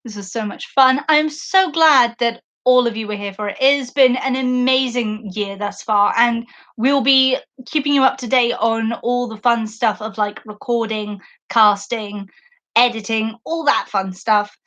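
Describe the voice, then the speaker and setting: A woman's voice: fairly high pitch, a little slow, a bit bright. A young woman hosting a podcast live stream, chatting casually and enthusiastically in a rambling way, full of fillers, on a basic microphone. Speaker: podcast host. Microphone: basic makeshift microphone.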